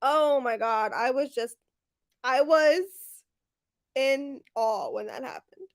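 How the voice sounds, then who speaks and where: A young woman guesting on a book chat livestream, retelling her reactions in a dramatic, expressive way. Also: high-pitched, slow.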